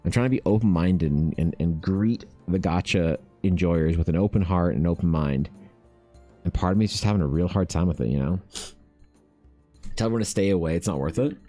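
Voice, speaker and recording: A low-voiced man chats loosely while he paints, ranting and swearing as he goes. His voice sits deep, and faint music plays behind him. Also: fairly quick. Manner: swearing, animated, rants. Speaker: artist streamer. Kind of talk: casual rambling chat while painting.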